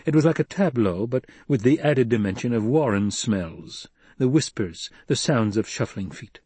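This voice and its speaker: A man narrating an audiobook in a measured, even delivery. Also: medium pitch, husky, no echo.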